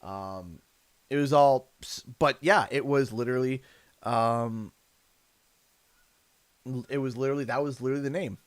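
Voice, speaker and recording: A man in his thirties chats on a livestream with a middle-pitched voice. He tells his story in a loose, rambling way, doubling back on himself as he goes. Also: normal speed, pauses often. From Canada. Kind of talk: casual livestream chat.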